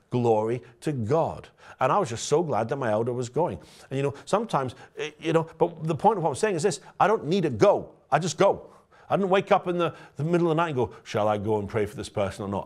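A man, a pastor, preaching a conversational sermon and telling stories directly to his congregation. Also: fairly high pitch. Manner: storytelling, lively and direct, addresses the congregation.

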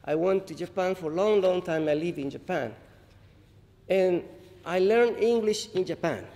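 A man from Paraguay, a harpist, introducing songs on stage in halting, humble English after a Spanish greeting, with pauses and restarts. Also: high voice, vocal fry, mellow, slight background noise. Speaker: harpist performer. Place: large hall, live audience. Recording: roomy hall reverb, faint ambience.

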